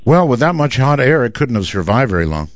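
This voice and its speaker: A man hosting a radio call-in show, speaking in a relaxed, wry way with frequent fillers. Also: medium pitch, a little fast, no echo. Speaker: radio talk show host. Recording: dry, slightly dull broadcast audio.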